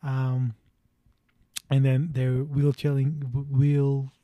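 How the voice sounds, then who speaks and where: A man's voice: medium pitch, monotone, slow, dry recording, highs cut off. A young man casually retelling a movie plot to friends, rambling, laughing and swearing as he goes.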